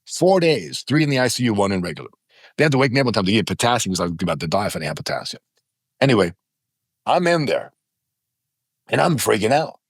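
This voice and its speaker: Guest voice: man in his fifties, lively pitch, dry close studio sound, emphatic storyteller. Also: fast talker, long pauses, breathy edge, no room sound. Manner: emphatic, dramatizes stories with quoted voices. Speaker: podcast guest. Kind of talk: animated storytelling in conversation. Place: podcast studio.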